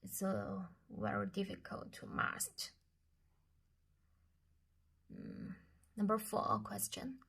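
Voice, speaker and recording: A woman student with a Chinese accent answers course review questions aloud, speaking slowly and carefully and often pausing to restart a phrase. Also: medium pitch, big pitch swings, creaky, fairly bright tone, breathy edge. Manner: slow and careful, with hesitations and restarts.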